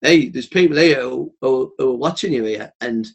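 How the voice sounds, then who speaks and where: A man, talking bluntly and swearing freely as a podcast guest, telling animated stories. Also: mid-range voice, moderate pace, creaky, slightly rough, muffled recording. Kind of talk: casual podcast chat.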